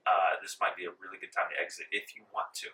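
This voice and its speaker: Bright-voiced male game master, roomy echo. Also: low voice, quick pace. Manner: relaxed, full of ums, laughs along. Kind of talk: narrating a tabletop game. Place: library meeting room. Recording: roomy echo, distant mic.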